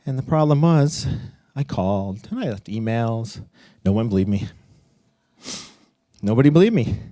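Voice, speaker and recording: Animated man telling his story. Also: normal speed, no room sound, clean studio sound. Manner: animated, acts out quotes with big pitch jumps, laughs and swears. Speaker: storyteller on stage. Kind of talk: personal story told live. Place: live event stage.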